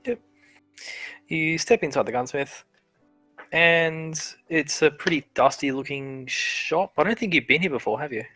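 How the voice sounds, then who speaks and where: A man's voice: on the high side, measured pace, bright, forceful tone, no room sound, faint music behind, poor audio. Casual man game master, dry sound. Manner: casual, laughing often, many restarts. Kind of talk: narrating a tabletop game. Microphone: headset or desk mic, streaming.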